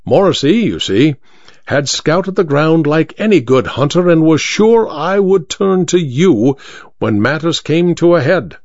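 A shrewd Victorian detective, played by a man, bland and utterly sure of himself, with a fairly high voice that rises and falls a lot. The recording is dry and somewhat dull. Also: lively intonation, measured pace, a little mellow, dry recording. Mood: explaining. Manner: crisp, bland and self-assured.

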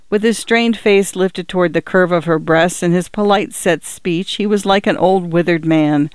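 A man narrating a literary story in a measured, even-toned reading. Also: high-pitched, clean tone, dry recording. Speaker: audiobook narrator.

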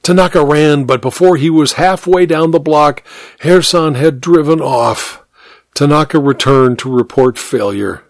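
A man narrating a story in an expressive, measured audiobook reading. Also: a little high, gravelly, dry recording.

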